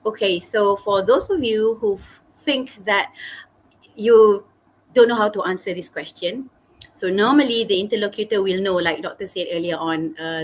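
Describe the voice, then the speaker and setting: Woman teacher, mid-pitched, reassuring and animated, faint background noise. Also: low-quality recording. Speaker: teacher and exam interlocutor. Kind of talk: exam advice in an online lesson.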